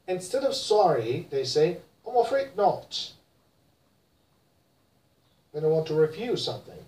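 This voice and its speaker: This is a pronunciation teacher leading a classroom drill at an unhurried pace, saying every word several times over. The voice is mellow and rises and falls a lot. It is recorded from some distance in an echoey room. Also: mid-range voice, very animated. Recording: roomy and distant from the mic.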